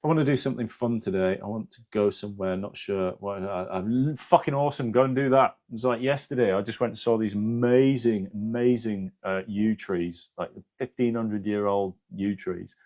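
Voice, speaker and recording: A man's voice: fairly low pitch, normal speed, hardly any pauses, a little mellow. Laid-back man giving spiritual advice. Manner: casual, swears freely, keeps checking in with "yeah?". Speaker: live stream host answering viewers. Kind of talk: casual spiritual advice chat.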